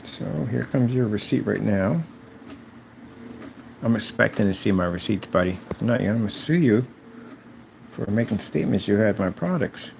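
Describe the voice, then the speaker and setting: A man's voice: on the low side, moderate pace, gravelly, long pauses, darkish tone, slight background noise. A man in a mocking, confrontational rant aimed at someone who isn't there, repeating his jabs over and over. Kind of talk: taunting rant addressed to someone absent.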